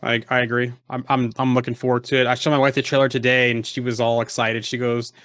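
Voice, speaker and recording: A man's voice: mid-range voice, level tone, quick pace, a bit bright, no echo. Rambling man on a dry podcast mic. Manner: rambling, many fillers and restarts. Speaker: podcast co-host. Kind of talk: casual chat.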